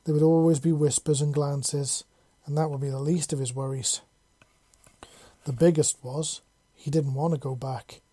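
An audiobook narrator reading a story aloud in a steady, even storytelling manner. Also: medium pitch, moderate pace, dry recording. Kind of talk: reading fan fiction aloud.

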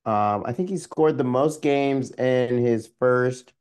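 A man's voice: mid-range voice, takes it slowly, a little mellow, smooth. A man co-hosting a sports podcast, chatting casually with plenty of ums and restarts. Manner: rambling, many fillers and restarts. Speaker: podcast co-host.

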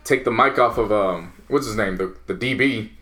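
A man co-hosting a podcast, riffing on football news in loose, profane, animated chat. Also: fairly low pitch, normal speed. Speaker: podcast co-host. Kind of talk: casual sports chat.

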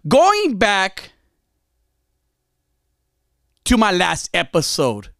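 A man hosting his own podcast, talking passionately and emphatically, with sudden loud bursts and low murmurs. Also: sing-song, slow pace, no echo, clean studio sound. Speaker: podcast host. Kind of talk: casual solo podcast talk. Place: podcast studio.

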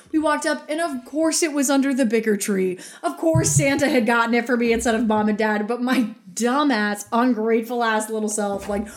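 A young woman co-hosting a casual podcast, telling a story in an animated, self-mocking way. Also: a little high. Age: young adult. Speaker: podcast co-host, daughter. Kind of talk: casual chat.

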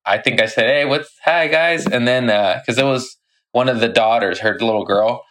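A man's voice: mid-range voice, normal speed, a bit bright. Profane storytelling comic, a young man. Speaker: podcast guest, stand-up comic. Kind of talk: casual storytelling.

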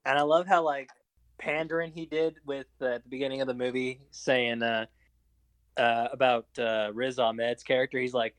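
A man's voice: mid-range voice, little pitch movement, normal speed, no echo. A young man in casual film chat, talking eagerly like a fan and stumbling over fillers. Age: young adult.

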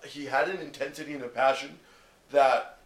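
A man's voice: medium pitch, steady tone, moderate pace. A young Canadian man co-hosting a podcast, chatty and full of fillers like "you know what I mean". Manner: chatty, filler-heavy, laughs often. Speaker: podcast co-host. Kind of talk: casual podcast chat. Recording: roomy echo, faint noise.

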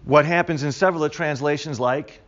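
A man's voice: fairly high pitch, fast, fairly bright tone, highs cut off. A man teaching a Bible study class in a conversational way, repeating key words with emphasis for the group.

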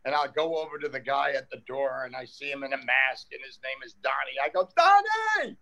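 A man's voice: mid-range voice, fast talker, creaky, poor audio. An older man from New York, a comedian chatting casually and acting out the people in his stories. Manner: animated storyteller acting out quoted exchanges. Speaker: comedian guest. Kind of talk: casual storytelling chat.

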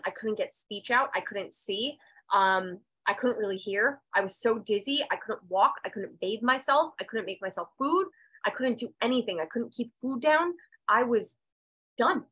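A podcast guest who works as a medium and intuitive tells her personal story candidly and emphatically, swearing freely. Her voice is a little high, sharp and husky, dropping and rising with raw emotion. The audio is poor.

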